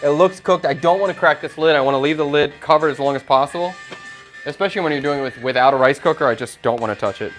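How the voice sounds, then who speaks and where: A man's voice: a little high, quick pace, faint music behind. Chatty man cooking live. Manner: chatty, relaxed, thinks aloud while cooking. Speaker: chef and livestream host. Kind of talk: casual cooking livestream.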